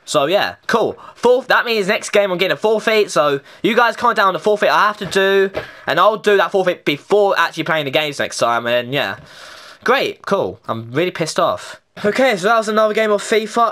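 A woman's voice: on the low side, fairly bright tone. Exasperated woman commenting on gameplay. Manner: exasperated, swearing, self-mocking. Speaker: gaming channel host.

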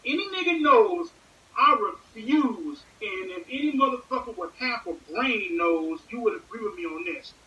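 A young man rambles through a crude comic story, heavy with curses and fillers. His voice is sharp and bright. He sits away from the mic in an echoey room with a faint hiss behind him. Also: high-pitched, animated, moderate pace, recorded from a distance, muffled recording. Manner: rambling, profane, lots of fillers.

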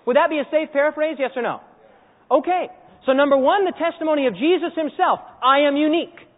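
Male preacher, high bright voice, animated storyteller, phone-quality audio with long hall reverb. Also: fast talker. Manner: animated storytelling, acts out scenes and quizzes the audience. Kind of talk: sermon. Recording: echoey hall over a tinny phone-like line.

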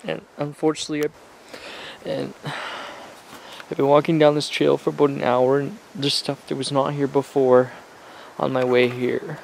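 A man in a comic found-footage parody, filming himself on a handheld camera outdoors in a forest. He fakes panic, jumping between hushed whispers and high squeals. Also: little pitch movement, moderate pace, vocal fry, long pauses, a little hiss or hum, poor audio. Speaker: amateur filmmaker playing a lost hiker.

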